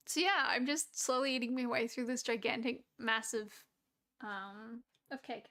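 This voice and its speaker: On a live stream, an Australian woman chats loosely with her audience in a rambling style, laughing a lot and trailing off. Her voice sits a little high, pushed and bright, at a moderate pace.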